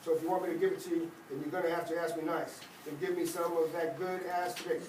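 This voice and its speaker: Man reader voicing a cocky, bossy young guy; fairly high, roomy, off-mic. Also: level tone, fast talker, a little mellow, a little hiss or hum, close to an everyday voice. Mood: teasing. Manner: teasing, bossy. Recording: echoey room, mic at a distance.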